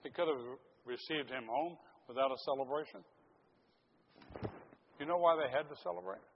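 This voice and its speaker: A man's voice: mid-range voice, normal speed. A man, a pastor, preaching a sermon with rhetorical questions and building emphasis, recorded in a church. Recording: dull lo-fi recording with long hall reverb and faint noise.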